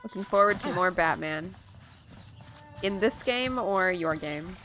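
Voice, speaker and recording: Game music plays beneath a woman's lowish, expressive voice as she livestreams her gameplay. Unhurried and a bit bright, she muses aloud playfully in casual chat, trying out words by repeating them.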